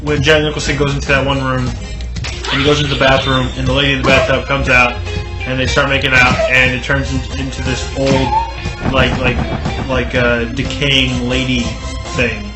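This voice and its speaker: A man's voice: mid-range voice, monotone, normal speed. Rambling, cursing man telling a story. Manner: rambling, profane, full of "like". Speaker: podcast co-host. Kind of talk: comedic storytelling. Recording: roomy podcast audio with music behind.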